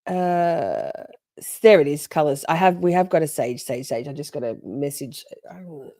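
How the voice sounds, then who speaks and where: A woman's voice: sits low, a little fast, dark tone, no echo. A woman hosting a livestream, chatting casually, swearing and reacting to her chat. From Australia. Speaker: livestream host.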